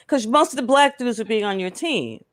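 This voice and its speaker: A woman co-hosting a casual talk show, chatting in an animated, conversational way. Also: on the high side, normal speed. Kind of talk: casual live show chat.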